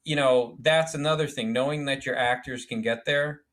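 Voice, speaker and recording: Speaking at normal speed with a steady tone, a man with a medium-pitched, somewhat bright voice shares stories as a filmmaker guest on a podcast. His delivery is animated, with quotes acted out and casual swearing along the way.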